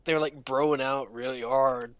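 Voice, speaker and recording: A young man telling a long story casually, rambling with restarts and pitching up to mimic others. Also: fairly even intonation, normal speed, fairly bright tone, clear, resonant tone. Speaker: podcast co-host. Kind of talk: casual storytelling among friends.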